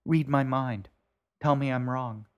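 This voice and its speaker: A man's voice: mid-range voice, measured pace, darkish tone, natural voice. A man voicing a bored, irritable teenage girl with a snappy, sarcastic way of talking.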